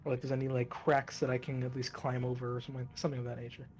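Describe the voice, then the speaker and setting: A man's voice: mid-range voice, level tone, racing, darkish tone. A man playing a tabletop role-playing game, talking casually and hesitantly with many stammered restarts. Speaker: player.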